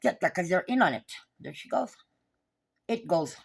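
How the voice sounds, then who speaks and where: A woman's voice: on the low side, very animated, measured pace, vocal fry, husky. A woman, recounting a neighbor dispute in an agitated, profane, repetitive rant. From New Mexico. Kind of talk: angry recounting vlog.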